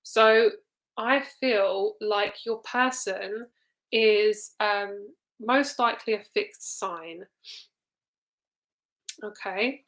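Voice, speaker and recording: A woman's voice: medium pitch, extremely slow, long pauses, fairly bright tone. Chatty young woman giving a live card reading. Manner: casual, chatty, swears freely, trails off with ums. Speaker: tarot reader.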